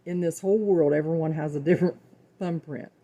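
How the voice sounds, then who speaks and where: Speaking a little fast in a low-pitched, dark voice with fairly even intonation, a middle-aged woman hosting a home cooking show shares faith-filled talk with her audience. She keeps it casual and folksy, earnestly repeating words for emphasis.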